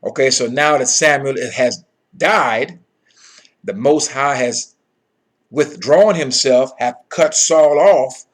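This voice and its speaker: A man's voice: medium pitch, slow. A man giving a Bible lesson, reading verses aloud and explaining them with emphatic commentary. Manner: emphatic, repeats phrases, frequent "okay" and "all right". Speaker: Bible teacher.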